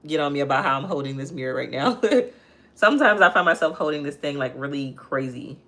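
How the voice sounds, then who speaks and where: Bright-voiced woman hosting a live makeup tutorial. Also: low voice, expressive, fairly quick. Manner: chatty, reads out viewer comments and answers them. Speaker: makeup vlogger and livestream host. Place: home, near a kitchen.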